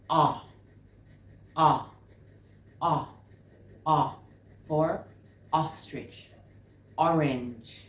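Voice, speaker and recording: A woman host teaching reading, explaining step by step and drawing out and repeating each sound she models. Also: very deep voice. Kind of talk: instructional explanation. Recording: echoey room with faint noise.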